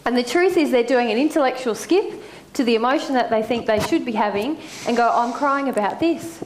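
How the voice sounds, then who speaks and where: A woman discussing ideas in conversation, lively and acting out what people say to themselves. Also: fairly high pitch, fairly quick, slight background noise. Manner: animated, acts out inner voices. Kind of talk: conversational teaching.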